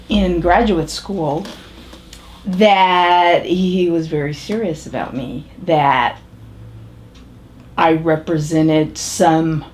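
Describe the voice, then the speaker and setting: An actress performing a monologue as a pragmatic, matter-of-fact middle-aged woman, speaking in a measured, halting way with pauses and restarts. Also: fairly low pitch, a little mellow. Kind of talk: character monologue.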